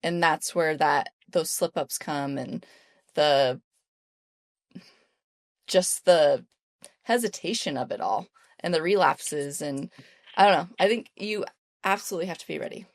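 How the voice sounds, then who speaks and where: A woman's voice: low-pitched, unhurried, pauses often, no room sound, clean studio sound. A woman in her thirties hosting an interview, asking questions in an encouraging, affirming way. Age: 30s. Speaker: interview host, sober coach.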